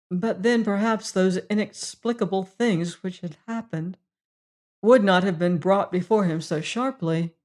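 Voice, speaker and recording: A woman reading a classic mystery story aloud as an audiobook narrator, in a measured style. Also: lowish voice, a little mellow. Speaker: audiobook reader.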